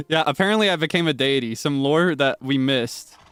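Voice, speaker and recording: Excitable man streaming a game. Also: a little high, clean tone, dry recording. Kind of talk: live gameplay commentary.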